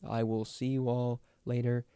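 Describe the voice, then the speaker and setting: A man's voice: mid-range voice, little pitch movement, moderate pace, mellow, smooth, dry recording. A young man hosting his own sports talk show, ranting about his team with frustration and plenty of restarts. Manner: frustrated, rambling, many restarts. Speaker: sports podcast host. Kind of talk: casual fan commentary.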